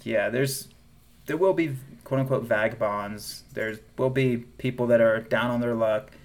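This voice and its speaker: A Southern-accented man co-hosting a casual podcast. He talks in an animated way, laughs often, and trails off and restarts as he goes. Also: mid-range voice, unhurried. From American South. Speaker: podcast co-host. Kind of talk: casual chat.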